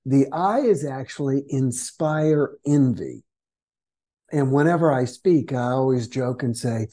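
A man speaks as a guest on a podcast interview. His tone is mellow and warm, at an average pitch. He tells stories and slips into the voices of the people he quotes. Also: measured pace. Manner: storytelling that acts out quoted complainers. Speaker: guest author.

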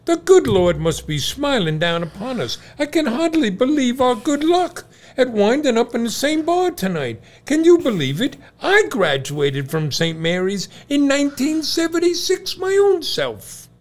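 A man voicing an excited, chatty middle-aged Irishman in a bar joke, with a stage Irish accent and a gravelly, husky voice. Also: medium pitch, a little slow, full character voice. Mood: excited, gushing.

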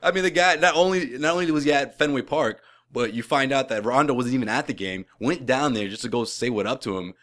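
A man co-hosting a sports podcast, talking in a quick, teasing way and laughing often. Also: mid-range voice, a bit bright. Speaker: podcast co-host. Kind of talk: casual sports podcast chat.

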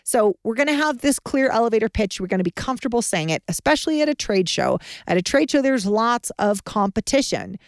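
A woman's voice: on the high side, expressive, a little fast, few pauses, dry recording. Confident woman teaching sales, dry sound. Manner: emphatic, confident, conversational. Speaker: podcast host and business advisor. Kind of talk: podcast sales lesson.

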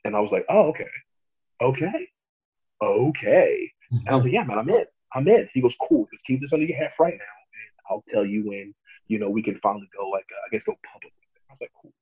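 Over a thin line that sounds like a phone, a young pro wrestler guest speaks very fast in a husky, low voice. Animated and easygoing, he keeps laughing and performs other people's quotes while telling his story in the interview.

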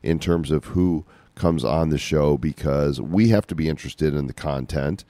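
Deep, mellow man co-hosting a podcast. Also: normal speed, no room sound. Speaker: podcast co-host. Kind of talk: casual chat.

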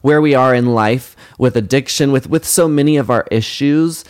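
This is a man who performs as a drag queen, talking as a guest on a casual interview podcast. He speaks in an earnest, expressive way and often restarts a word or two. His voice sits in a middle pitch range. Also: moderate pace, clean tone.

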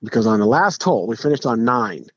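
A middle-aged man, a podcast guest, telling stories in a casual, animated way, with frequent restarts and acted-out quotes. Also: mid-range voice, fast, no room sound. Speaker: podcast guest, pro golfer. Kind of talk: casual storytelling. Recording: dull lo-fi podcast audio.

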